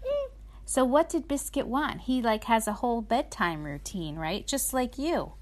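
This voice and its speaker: A mother hosting a bedtime story show, reading a children's picture book aloud in an animated, sing-song voice. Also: a little high, unhurried.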